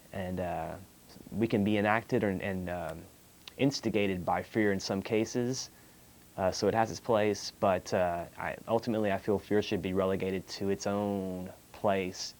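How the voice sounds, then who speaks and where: Rambling man hosting a call-in spiritual show. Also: sits low. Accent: Texan. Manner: meandering, many fillers and restarts; clears throat often. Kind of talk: unscripted spiritual talk.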